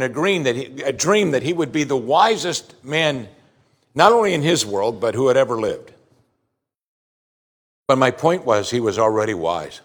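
A middle-aged man preaching a sermon as pastor, earnest, and he slows down to stress key words. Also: a little high.

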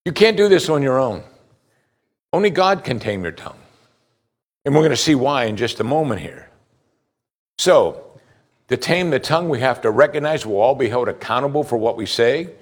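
Male pastor, mid-pitched, animated sermon delivery with big swings in pitch and volume, direct questions to the congregation. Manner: animated preaching, rising loud on high points, dropping low and slow for scripture; addresses listeners with direct questions.

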